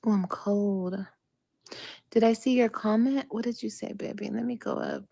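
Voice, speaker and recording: A woman's voice: fairly high pitch, steady tone, normal speed, vocal fry, mellow. A woman on a livestream, reading viewer comments and answering them defensively.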